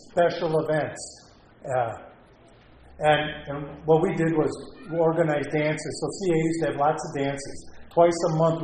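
A man telling his own recovery story in an earnest, halting way, often restarting with "and, and". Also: on the high side, darkish tone, echoey room, slight background noise, poor audio. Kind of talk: personal testimony talk.

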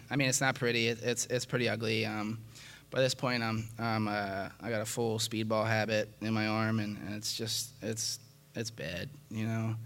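A man tells his own story as a candid testimony, his voice bright and pushed forward. He rambles through fillers and restarts. He is frank and self-mocking about who he used to be. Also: mid-range voice. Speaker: speaker sharing his recovery story.

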